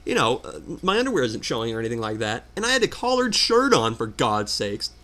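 Animated man ranting over gameplay. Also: medium pitch, a little fast. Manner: animated, exasperated ranting storyteller. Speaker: let's player. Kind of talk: casual gameplay commentary.

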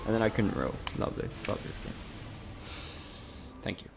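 A man's voice: fairly low pitch, animated, normal speed, vocal fry, noisy background. A man streaming a game live, talking casually to his viewers in a frustrated, sweary, joking way. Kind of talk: live gameplay commentary.

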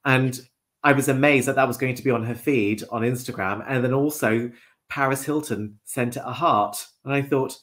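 A man who is a podcast guest, speaking politely and gently, with many small hesitations. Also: medium pitch, normal speed. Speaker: guest, dog owner. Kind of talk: casual interview chat.

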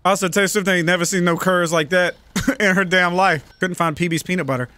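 A man's voice: high voice, steady tone, brisk, pushed and bright, dry recording. A man giving casual, profane let's-play commentary, joking and bantering with the shoppers in a store game. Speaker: gaming channel host.

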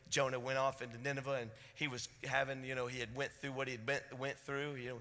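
Male preacher in a reverberant church. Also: mid-range voice. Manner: swings from loud passionate preaching to hushed intensity. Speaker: pastor. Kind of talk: sermon. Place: church sanctuary.

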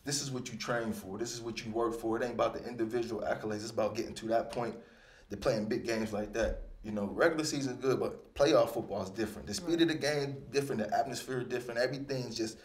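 A man in his thirties talks through his career in an easygoing, rambling way, with his voice at an ordinary middle pitch. Now and then he breaks into lively, animated bursts as he tells his stories. The recording has a noticeable roomy echo. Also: fast talker. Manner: relaxed, rambling, with animated bursts when quoting himself. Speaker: retired football player, interview guest. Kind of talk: casual storytelling interview.

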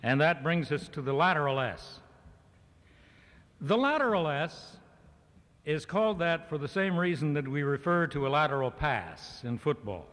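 With a fairly high, fairly bright, and expressive voice at normal speed, a man jokingly lectures a live audience in mock-serious fashion. He's speaking at a farm organization meeting in a large hall, and the archival cassette recording is reverberant.

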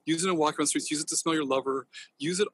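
A man's voice: fairly high pitch, very fast, slightly rough. A man talking passionately in a casual podcast interview, rambling and swearing freely. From Northern California. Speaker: podcast guest, company founder.

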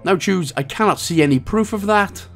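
This Welsh game guide maker talks through a game in a relaxed, joking manner, occasionally doing silly voices for the lines he reads. He speaks at a moderate pace in a high voice with vocal fry, and faint music plays behind him.

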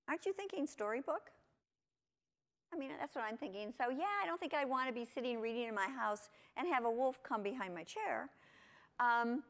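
A woman giving a lively conference talk to teachers, asking her audience lots of questions. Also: a little high. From United States. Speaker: conference presenter. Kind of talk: lecture to teachers. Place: conference hall.

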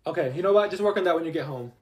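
A man voicing a calm, dry female schoolteacher who corrects a student, in a comedy skit. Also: a little high, racing, far from the mic, natural voice. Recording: roomy echoey room.

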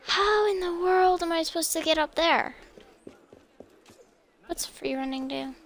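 A young woman talking casually to herself while playing a video game, chatty and quick to apologize and laugh. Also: very high voice. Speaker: gameplay streamer.

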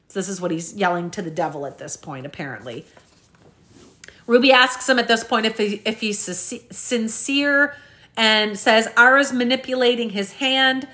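A woman's voice: on the high side, normal speed, bright, forceful tone. A woman hosting a true crime recap, reading journal entries aloud in a casual way with frequent ums and self-corrections, talking straight to her viewers. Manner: addresses viewers directly as "you guys".

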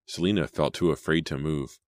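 Very deep-voiced man reading a thriller. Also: fairly even intonation, brisk, no room sound. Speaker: audiobook narrator. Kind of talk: dramatic audiobook reading.

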